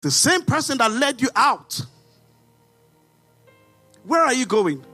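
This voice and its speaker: A man with a Nigerian accent preaching a sermon as pastor, animated with rhetorical questions and sudden shouts. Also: very high-pitched, slow, pauses often, slightly rough, soft background music.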